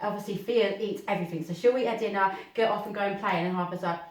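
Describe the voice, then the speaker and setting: A young woman and podcast co-host, chatting casually and agreeing a lot. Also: mid-range voice. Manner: agreeable, quick back-channelling. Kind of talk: casual chat. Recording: roomy, distant mic.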